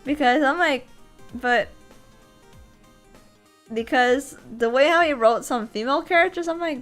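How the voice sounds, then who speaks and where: A high-pitched woman chats casually on a livestream about her voice acting work. She is animated, laughs often and restarts her sentences mid-thought. Soft background music plays faintly under her voice. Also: measured pace, pauses often. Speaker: voice actor and streamer.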